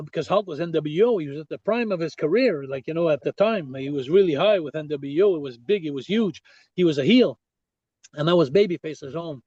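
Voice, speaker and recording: An older man from Quebec with a French accent talks through a story as a podcast guest. His voice sits high for a man, and he keeps circling back with "I said" and restarts. The sound is dull and dry, like a lo-fi remote call. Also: no echo. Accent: Québécois French. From Quebec, Canada. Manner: animated storyteller, many restarts and "I said". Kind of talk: storytelling interview.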